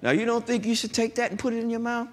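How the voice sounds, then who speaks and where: A pastor with a very high voice preaches lively, slowing down to stress each line of scripture and tossing call-and-response asides to those gathered.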